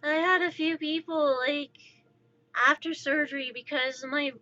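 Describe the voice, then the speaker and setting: Exasperated high-voiced thirty-year-old woman streamer. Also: fairly even intonation, unhurried, pushed and bright, dull audio. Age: 30s. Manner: exasperated, rambling rant. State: voice slightly altered after intubation. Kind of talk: casual livestream chat.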